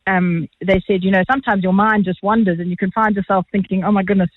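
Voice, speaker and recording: A woman with a South African accent, an art auctioneer guest telling lively, chatty anecdotes quickly in a phone interview. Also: mid-range voice, dry recording. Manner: fast-talking, chatty, animated. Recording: tinny phone line, dry.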